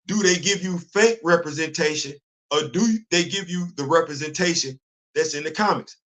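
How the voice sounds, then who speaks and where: Man, high voice, live stream host, animated, rhetorical questions, repeats himself. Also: moderate pace.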